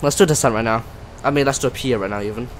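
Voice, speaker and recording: A man's voice: mid-range voice, rapid-fire, slight background noise, poor audio. A man casually commenting on his flight sim stream, chatty and self-mocking, often trailing off and restarting.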